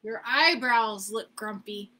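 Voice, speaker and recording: Woman doing a curious lemur, chatty, high voice. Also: takes it slowly, pushed and bright, heavily acted. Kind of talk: storybook reading.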